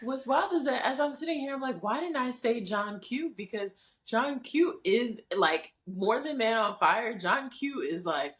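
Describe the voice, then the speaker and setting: A woman co-hosting a casual chat, telling stories in a lively, expressive way. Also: fairly high pitch, unhurried, low-quality recording. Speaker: co-host.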